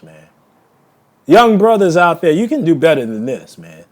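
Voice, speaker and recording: A man with a fairly high voice, venting angrily and emotionally to his camera. He hammers insults again and again, stumbling and restarting his sentences as the feeling runs over. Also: big pitch swings, moderate pace, darkish tone. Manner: angry, insulting, repeats words. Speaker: vlogger. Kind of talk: heated solo video rant.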